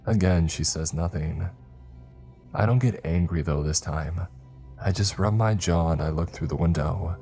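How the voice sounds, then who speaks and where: A man narrating a first-person horror story in a slow, measured way. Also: low-pitched, dark tone. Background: faint music.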